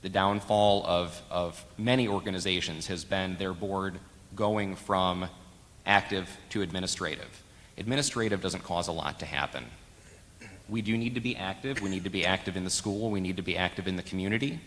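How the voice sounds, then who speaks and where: Low-pitched man, board candidate at a forum, measured and emphatic, echoing hall. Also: fairly bright tone. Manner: measured, emphatic with repeated phrases. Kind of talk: forum answer. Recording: long hall reverb.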